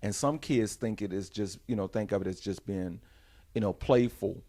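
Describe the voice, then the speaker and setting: A man's voice: fairly low pitch, moderate pace, warm tone. A middle-aged man co-hosting a casual radio talk show, rambling with frequent restarts. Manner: rambling, restarts often, conversational. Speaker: co-host. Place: radio studio.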